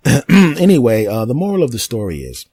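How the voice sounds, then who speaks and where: A man's voice: mid-range voice, darkish tone, slightly rough. A male podcast host telling crude, rambling comic stories in a mock-dramatic manner. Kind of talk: comedic storytelling monologue.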